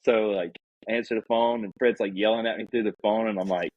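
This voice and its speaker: Husky-voiced man telling a war story. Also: fairly low pitch, fast, dry recording, muffled recording. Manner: animated storyteller, acts out voices in quotes. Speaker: podcast guest. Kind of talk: casual storytelling.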